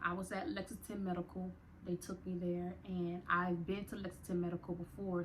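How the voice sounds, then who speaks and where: Young adult woman, slightly low voice; vlogger retelling a hard personal story, conversational and emotional, talks straight to her viewers. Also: slight background noise. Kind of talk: storytime vlog.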